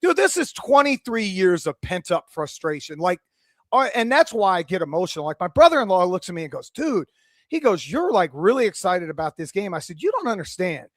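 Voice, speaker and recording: Man, sports radio host, high voice, fired up, dry studio sound. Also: no echo. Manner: passionate, fired-up, swearing. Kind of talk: excited sports radio talk.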